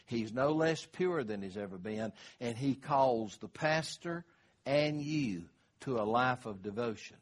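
A man's voice: mid-range voice, animated, a little slow. An older man, preaching a sermon in a folksy, conversational way. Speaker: pastor.

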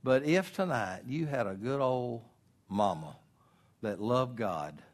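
A man's voice: medium pitch, lively intonation, takes it slowly. Folksy preacher man. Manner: homespun, swings between soft asides and loud emphatic stretches. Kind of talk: folksy sermon.

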